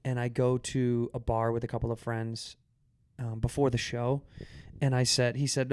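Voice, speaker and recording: A man in casual podcast chat, telling an animated story full of fillers, restarts and acted-out quotes. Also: medium pitch, moderate pace, smooth.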